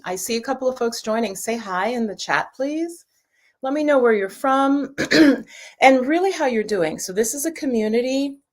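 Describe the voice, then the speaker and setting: A woman hosting a casual livestream from her floor at home, chatting and rambling as she greets viewers before card readings. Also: mid-range voice. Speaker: livestream host, angel card reader. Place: home room, sitting on the floor.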